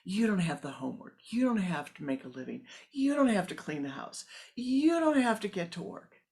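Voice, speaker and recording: A woman's voice: a bass voice, very animated, normal speed, fairly bright tone, full character voice. A woman voicing the indignant inner voice of a frustrated young woman student. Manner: indignant, venting.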